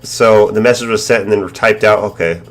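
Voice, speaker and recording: A man's voice: lowish voice, fairly quick. A man hosting a casual live stream chat, laughing often and acting out phone callers in raised voices. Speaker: stream host.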